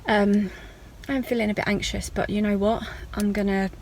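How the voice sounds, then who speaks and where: A woman's voice: medium pitch, flat delivery, normal speed, a little mellow, slight background noise, low-quality recording. A woman talking through her day in a chatty, rambling vlog diary with self-mocking asides. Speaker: vlogger.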